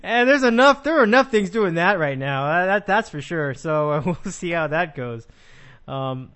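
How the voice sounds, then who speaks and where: Male podcast host, casual sports chat, rambling delivery, fairly high voice. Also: animated, moderate pace, fairly bright tone. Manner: rambling, frequent restarts and laughs.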